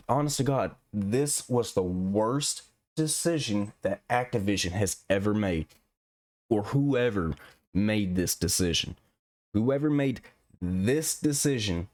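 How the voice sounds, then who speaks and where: A man's voice: on the low side, darkish tone, no echo. A man giving a profane, exasperated rant as a gaming commentator. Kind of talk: ranting video commentary.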